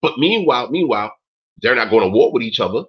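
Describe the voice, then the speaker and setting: A man's voice: mid-range voice, very animated, fast talker, husky. A man in his forties hosting a talk stream, ranting in an emphatic, profane way and peppering his speech with "yo" and "man". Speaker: host. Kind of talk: casual rant on a talk stream. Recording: dull lo-fi recording.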